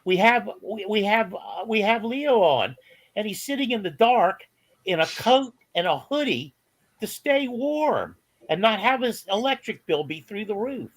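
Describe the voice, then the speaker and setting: A man with a somewhat raised pitch. He talks on a political podcast in a halting, incredulous way, restarting his sentences. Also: animated, fairly bright tone. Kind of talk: casual political chat.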